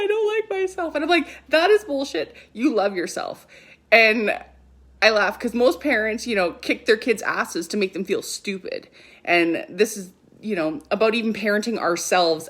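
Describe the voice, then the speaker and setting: A woman in her thirties speaking as a spiritual coach on a livestream, earnest and emphatic, with casual swearing. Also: mid-range voice. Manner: animated when quoting her kids. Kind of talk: livestream talk.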